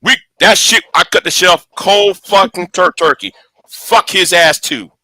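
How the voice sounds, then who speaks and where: Male host, high lively pitch, close dry sound, angry profane rant with many restarts. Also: a little slow, no room sound. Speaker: channel host. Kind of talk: casual livestream rant.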